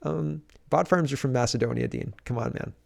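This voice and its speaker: A man's voice: medium pitch, fairly quick, creaky. A man doing casual political commentary on a livestream, reading viewer comments aloud and reacting in an indignant, rambling way with frequent restarts.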